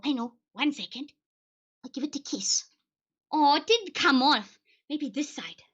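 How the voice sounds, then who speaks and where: A woman voices a scatterbrained lady senator lost out of her own time. She rambles in a high, bright voice that swoops up and down. She keeps hopping between accents as she goes. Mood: delighted. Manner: rambling, theatrical, switches accents on a whim. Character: eccentric time-travelling lady senator from long ago. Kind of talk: improvised character live stream.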